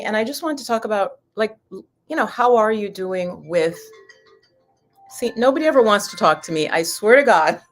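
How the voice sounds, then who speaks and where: A woman hosting a casual livestream from her floor at home, chatting and rambling as she greets viewers before card readings. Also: mid-range voice. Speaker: livestream host, angel card reader. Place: home room, sitting on the floor.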